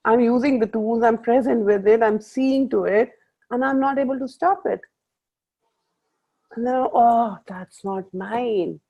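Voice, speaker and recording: A woman coaches a group over a video call, her voice carrying a gravelly edge. She tells her stories with animation and quotes her own inner talk. The sound is muffled, as video-call audio often is. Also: on the high side, fairly even intonation, normal speed, pauses often, dark tone.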